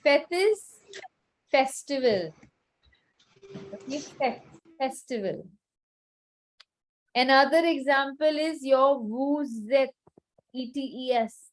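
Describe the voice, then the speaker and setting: A woman teacher with a high voice takes a deliberate, unhurried pace through an online lesson. She is patient and repeats each word several times so her students can drill it. The sound comes through a video call. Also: rough recording. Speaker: French teacher.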